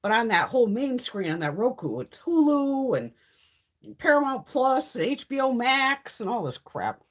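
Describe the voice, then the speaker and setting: A woman's voice: a little high, big pitch swings, normal speed. A woman hosting a beauty livestream from home, chatting casually in a blunt, profane way while sick. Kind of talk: casual live-stream chat.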